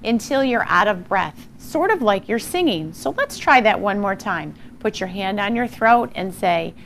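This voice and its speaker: A woman's voice: medium pitch, expressive, vocal fry, a bit bright, a little hiss or hum. Encouraging woman teaching phonics. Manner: slow, encouraging, exaggerated sounding-out of words. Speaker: primary school teacher. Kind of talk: phonics lesson for young children.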